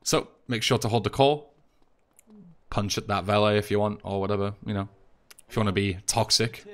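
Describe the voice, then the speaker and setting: A young man with an English accent, talking through a speedrun tutorial voice-over in a relaxed, chatty way, with plenty of fillers and restarts. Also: lowish voice, fairly quick. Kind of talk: casual game tutorial voice-over.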